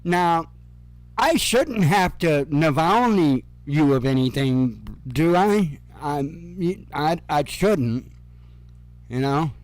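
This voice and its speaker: Slow, sarcastic male commentator. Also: fairly high pitch, expressive, no room sound. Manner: sarcastic, profane, chuckling asides. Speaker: news commentary host. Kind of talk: casual news commentary.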